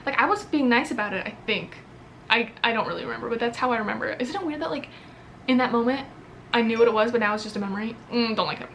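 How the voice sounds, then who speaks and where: A woman's voice: a little high, quick pace, gravelly, fairly bright tone, a little hiss or hum. An American woman in her early twenties chatting to camera at home, rambling and candid, packing her talk with fillers and the odd swear. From United States. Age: early 20s. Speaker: vlogger. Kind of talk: casual chat to camera.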